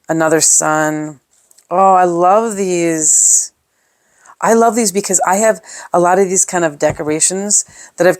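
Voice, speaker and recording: A woman with a low voice, recorded close and dry, chats casually through a craft-supply unboxing. She gushes over each item and thinks aloud with plenty of fillers. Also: no room sound. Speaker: scrapbooking product reviewer. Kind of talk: casual unboxing show-and-tell.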